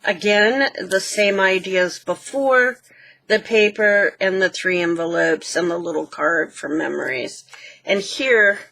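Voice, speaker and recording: A woman hosting a craft channel, gently walking through a handmade book page by page and pointing out details. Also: mid-range voice. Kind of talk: casual show-and-tell walkthrough.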